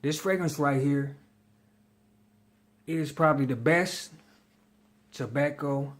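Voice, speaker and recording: Slangy, chatty man reviewing fragrances. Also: mid-range voice. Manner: slangy, chatty, hypes his picks. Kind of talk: casual vlog review.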